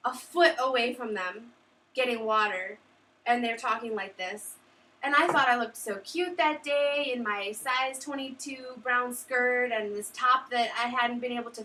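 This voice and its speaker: A woman's voice: fairly high pitch, bright, forceful tone. A woman vlogger talking candidly to the camera in a casual, chatty way, with lots of fillers. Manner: candid, conversational, many fillers. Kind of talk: casual confessional chat. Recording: distant camera mic, faint hiss.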